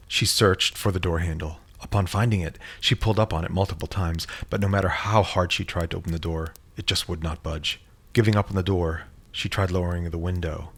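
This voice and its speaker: A man reading a horror story in a measured, dramatic storytelling manner. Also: low-pitched, fairly bright tone. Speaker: narrator. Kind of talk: scripted horror story narration.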